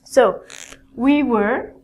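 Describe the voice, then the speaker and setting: A woman teaching a basic English grammar lesson in a classroom style, explaining slowly and checking in often with "okay?". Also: fairly high pitch, muffled recording. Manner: slow, clear teaching with many "okay?" checks.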